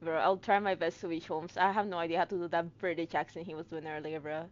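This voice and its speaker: A woman's voice: lowish voice, fairly even intonation, fast. A woman from Puerto Rico chatting casually while streaming a game, joking and laughing, calling her partner "bro". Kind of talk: casual let's-play chat. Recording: dull lo-fi mic.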